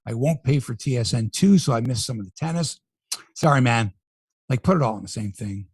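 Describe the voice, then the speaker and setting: A man hosting a sports podcast, running through scores in a chatty, animated way with frequent asides. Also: mid-range voice, brisk, slightly rough, no room sound, clean studio sound. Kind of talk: casual sports talk and news rundown.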